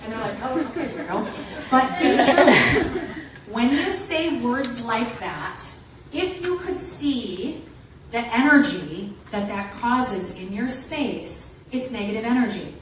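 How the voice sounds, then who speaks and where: A woman gives a lively motivational talk to a room of women. Her voice sits a little high, and she acts out the people she quotes. The recording is distant and very echoey, with faint noise behind her. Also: takes it slowly. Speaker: motivational speaker. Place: meeting room with an audience.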